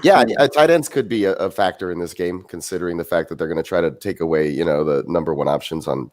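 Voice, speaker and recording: Casting: laid-back Texan football talker, very deep voice. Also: male voice, fast. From Texas. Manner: easygoing, many "you know" fillers. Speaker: podcast panelist. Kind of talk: casual sports chat.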